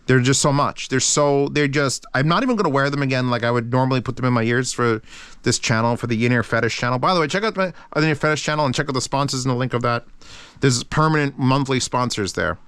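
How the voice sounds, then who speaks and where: Excitable, swearing man reviewing gear. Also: mid-range voice, quick pace, clear, resonant tone, dry recording. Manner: profane, excitable, rambling. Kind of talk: casual product review.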